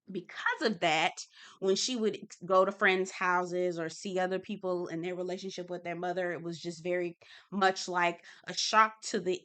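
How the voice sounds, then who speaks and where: Young woman, TV recap host, bright forceful tone, gossipy and blunt. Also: fairly low pitch. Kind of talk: casual commentary.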